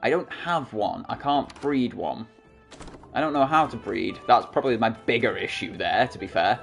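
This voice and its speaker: Chatty, self-mocking man with a lively voice. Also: medium pitch, moderate pace, creaky, faint music behind. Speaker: gaming channel host. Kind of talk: casual game commentary. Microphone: desktop USB microphone.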